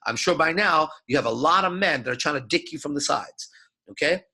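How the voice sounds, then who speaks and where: A man's voice: a little high, expressive, brisk, creaky, bright, forceful tone, husky. A man giving an unscripted lecture as a dating coach, talking in a swaggering, profane, emphatic way.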